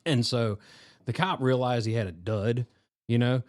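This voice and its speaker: A man with a mid-range voice co-hosting a laid-back podcast. He talks in a loose, profane way, telling stories and tossing in quick replies while his co-host talks. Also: medium pitch. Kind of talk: casual storytelling chat.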